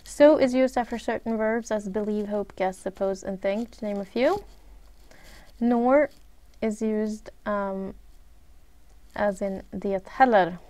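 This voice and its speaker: An English teacher whose first language is Swedish delivers a recorded grammar lesson in a Swedish-accented, medium-pitched, slightly mellow voice. Measured and methodical, she lists examples one at a time, often stopping on an "uh."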